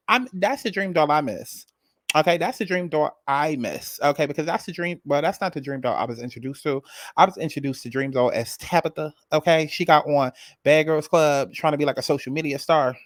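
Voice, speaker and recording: A man's voice: fairly high pitch, brisk, no room sound. A man giving a casual, sassy and profane recap of a reality show, repeating phrases for emphasis.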